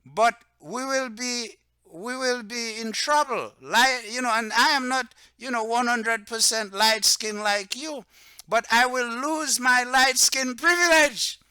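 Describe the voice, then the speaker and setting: Man with Patois roots, self-styled religious leader, off-the-cuff monologue; smooth, dry close-mic sound. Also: very high-pitched, sharp tone, no room sound. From Dominica. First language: Antillean Creole (Patois). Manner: rambling, repeats "okay?" and "right?", turns heated and slower when stressing points. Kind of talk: unscripted monologue to camera.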